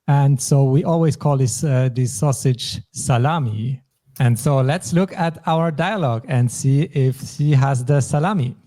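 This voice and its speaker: A man's voice: medium pitch, measured pace, warm tone. A man from German-speaking Europe hosting a language lesson, patiently explaining phrases and vocabulary step by step. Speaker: language teacher.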